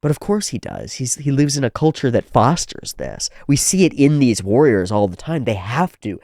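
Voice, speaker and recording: A man's voice: medium pitch, big pitch swings, moderate pace, creaky, a little mellow, no room sound, clean studio sound. A man hosting a reaction video, talking casually and animatedly, swearing freely with frequent restarts. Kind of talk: casual commentary on an anime episode.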